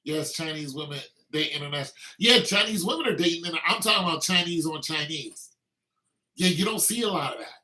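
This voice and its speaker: A man's voice: sits high, pushed and bright, poor audio. A man delivering a heated opinion rant, emphatic and full of restarts and repeated words. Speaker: commentator.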